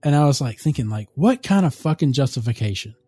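A man casually recapping a movie on a podcast, animated and profane, often laughing through the story. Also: mid-range voice, fast, slightly rough, no room sound, faint music behind. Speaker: podcast co-host.

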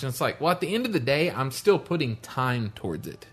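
A man in a casual chat, opinionated and quick to laugh, fond of folksy sayings. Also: mid-range voice, sing-song, breathy edge.

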